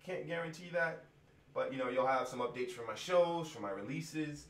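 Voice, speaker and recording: Speaking at medium pitch and a moderate pace, a male musician airs his frustrations to viewers. The rant is casual, profane and rambling, full of restarts, and the sound is distant and echoey.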